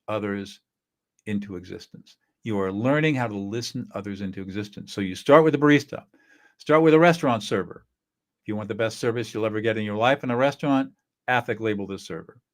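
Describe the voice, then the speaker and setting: A middle-aged man teaches in an earnest, coaching way and acts out short example dialogues. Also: mid-range voice. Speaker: conflict-resolution teacher. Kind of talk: instructional talk.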